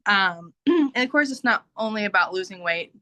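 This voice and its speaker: Bright-voiced woman sharing a heartfelt testimony. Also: mid-range voice, expressive, moderate pace, no echo, poor audio. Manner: warm, heartfelt, frequent laughs and fillers. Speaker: business team member giving a testimony. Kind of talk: personal testimony on a video call. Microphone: video call.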